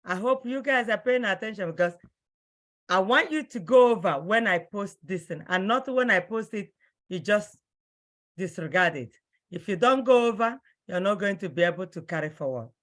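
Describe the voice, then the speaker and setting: A woman teaching an online language class, who speaks slowly and repeats each word with care so her students can follow. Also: fairly low pitch. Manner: slow, repeats words carefully for students.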